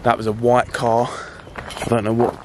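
A man's voice: medium pitch, completely flat delivery, normal speed, background noise. A young man talking to camera in a vlog, nervous and hesitant. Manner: nervous, whispering asides, then yelling. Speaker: vlogger. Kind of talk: handheld vlog commentary.

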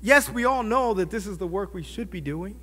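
A man preaching a sermon as pastor, impassioned, with sudden loud rises in his delivery. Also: high voice, expressive, fairly quick, long reverb tail. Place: church.

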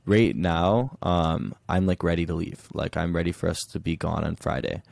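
A young man with a low, gravelly voice chats as a podcast guest, relaxed and easygoing, sprinkling "like" through his sentences. His tone is dark and mellow, and the sound is close and dry with no room echo. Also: moderate pace. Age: young adult. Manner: laid-back, fills speech with "like". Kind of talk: casual podcast chat. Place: his childhood bedroom at home.

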